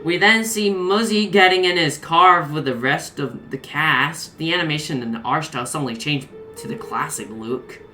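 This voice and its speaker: A woman's voice: low-pitched, normal speed, hardly any pauses, bright, forceful tone, faint music behind. A woman narrating a comedic horror story, exasperated and swearing heavily. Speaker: creepypasta reader.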